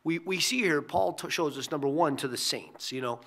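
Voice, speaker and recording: Gravelly, bright-toned male pastor. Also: fairly high pitch, brisk. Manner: earnest, drops to a hushed near-whisper on key phrases. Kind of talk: short devotional sermon.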